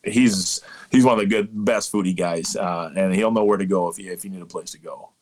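A man in his thirties from Canada, a guest umpire chatting casually and telling rambling, animated stories. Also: deep voice, brisk. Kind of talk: casual interview chat.

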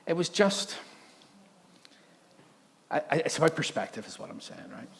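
A man preaching a sermon in church, telling stories animatedly and laughing often. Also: mid-range voice. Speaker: pastor. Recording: long hall reverb, faint background noise.

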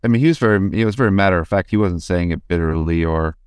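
A man's voice: deep voice, fast talker, clean tone, dry recording, studio quality. A male podcast host reflecting in a thoughtful, casual way, often restarting his sentences. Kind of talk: casual conversation.

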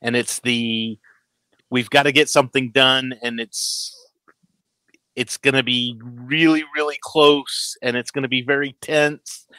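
A man in his thirties hosts a casual chat about a show. His voice is bright and forceful, the sound dry and close, and he tumbles into restarts while acting out what characters say. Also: medium pitch, unhurried, clear, resonant tone, dry recording, poor audio. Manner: animated, stammers, acts out quotes. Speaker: podcast host.

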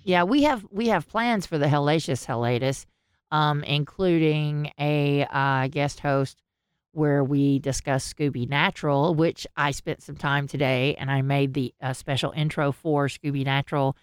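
A woman's voice: sits low, steady tone, a little slow, clear, resonant tone, no echo, studio quality. A woman co-hosting a podcast, telling rambling stories, laughing often and swearing freely. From American South. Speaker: podcast co-host. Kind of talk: casual chat.

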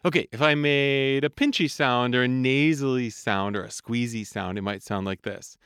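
A man in a voice lesson podcast speaks with a smooth, resonant tone in a dry, close recording. He explains each point calmly and in measured steps. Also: mid-range voice, dry recording. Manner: calm, explanatory, demonstrates sung vowel sounds. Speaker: voice coach.

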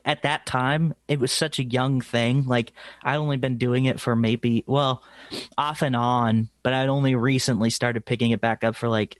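A young man co-hosting a podcast tells stories in a casual chat, swearing freely and laughing along the way. His voice sits at a medium pitch, with no echo.

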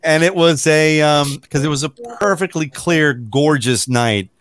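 A man's voice: fairly high pitch, unhurried. A middle-aged man co-hosting a podcast, telling a story in casual chat and acting out the quotes. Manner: animated storyteller, acts out quotes. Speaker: podcast co-host.

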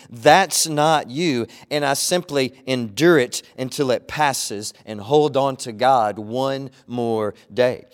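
A man preaching a sermon as a pastor, earnest, with a repetitive cadence and slow, emphatic pauses. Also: a little high, clean tone. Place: church online broadcast.

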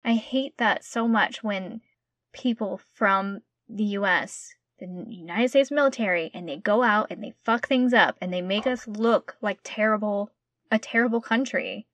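A woman's voice: medium pitch, measured pace, fairly bright tone, no echo. A young woman co-hosting a casual chat, emphatic and outraged, often repeating herself. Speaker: podcast co-host.

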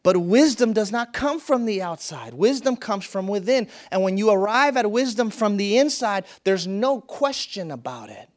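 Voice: mid-range voice, sing-song, normal speed, hardly any pauses. Reflective spiritual teacher telling a parable. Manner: storytelling, reflective, repeats phrases for emphasis.

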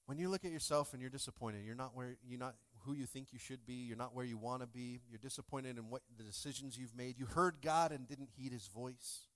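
A man in his thirties preaching a sermon in a church, full of jokes and playful asides to the congregation, swinging between loud bursts and soft asides. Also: medium pitch, brisk, few pauses. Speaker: pastor. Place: church sanctuary.

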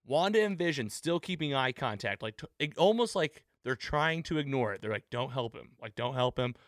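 Speaking at normal speed in a mid-range voice, a man runs a relaxed podcast recap and acts out quotes as he goes, in an animated style. The audio is clean studio sound without room noise.

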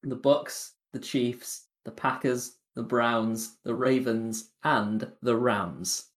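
A man's voice: mid-range voice, steady tone, slow pace. Man making his case on a podcast. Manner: reasoned, hedging with "like" and "I think". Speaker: podcast co-host. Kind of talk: casual podcast chat.

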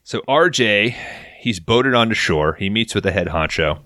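Low-voiced profane podcast host. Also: male voice, expressive, moderate pace, pushed and bright, dry recording, clean studio sound. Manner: profane, joking, acts out quotes. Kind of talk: casual episode recap.

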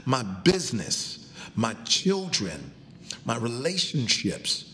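A male pastor preaching a sermon, his low voice gravelly and full of swooping pitch. He calls on the congregation to answer back, climbing to loud exclamations and sinking to hushed, breathy lines. A faint rumble sits under the recording. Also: sing-song, takes it slowly. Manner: preaching with call and response, rising to shouts and dropping to whispers.

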